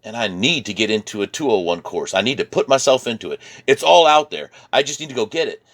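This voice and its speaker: A man's voice: medium pitch, animated, fast talker, a bit bright. An American man from Virginia with a mixed Midwestern-sounding accent, talking about his art in a reflective personal vlog, often laughing and repeating words. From Virginia, USA. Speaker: artist vlogger.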